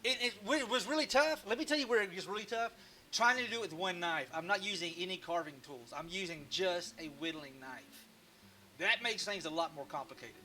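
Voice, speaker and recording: A man's voice: high voice, brisk, pushed and bright, slight background noise. A man hosting a casual live stream, rambling and joking at his own expense. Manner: rambling, joking and self-mocking, with frequent restarts. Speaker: live-stream woodcarving host.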